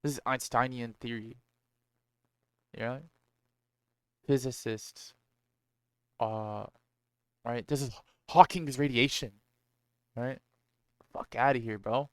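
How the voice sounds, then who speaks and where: Brief: male host, casual motivational monologue, blunt and profane, smooth clear voice, dry close sound. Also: mid-range voice, steady tone, takes it slowly, pauses often, dry recording. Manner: blunt, profane, slangy, rhetorical "right?".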